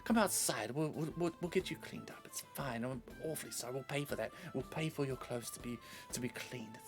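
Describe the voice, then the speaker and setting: A man voicing hooded crow-like figures who apologize over and over in a soft, fawning way. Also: mid-range voice, brisk, over music, close to an everyday voice. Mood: apologetic. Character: pair of hooded crow-folk, swift and overly apologetic.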